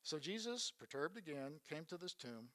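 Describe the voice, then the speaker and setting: Earnest male preacher with a slightly higher voice, retelling scripture and posing questions to the congregation. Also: very animated, moderate pace, pushed and bright. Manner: earnest, asks rhetorical questions. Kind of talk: sermon retelling Bible stories.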